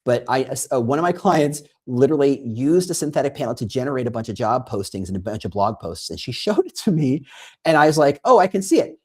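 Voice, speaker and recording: A man with a husky, breathy edge to his voice talks through his ideas in a lively, bouncing pitch. He stumbles and restarts often, and slips into little acted-out quotes to make his point. He sounds like an animated guest on an interview show. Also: brisk. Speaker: guest expert on recruiting. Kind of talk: conversational interview.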